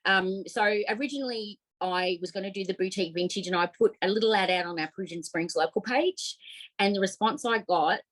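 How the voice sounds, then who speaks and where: A middle-aged Australian woman telling her story as a podcast guest, heartfelt and animated, with many fillers. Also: mid-range voice, a little fast, poor audio. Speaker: podcast guest, op shop owner. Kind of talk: casual interview storytelling.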